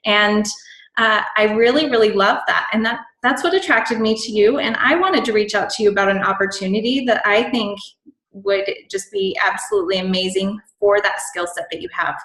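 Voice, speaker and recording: A woman's voice: mid-range voice, a bit bright. A woman giving casual sales tips on a team call, bubbly and chatty with lots of ums and likes. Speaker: team call guest speaker. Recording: echoey room.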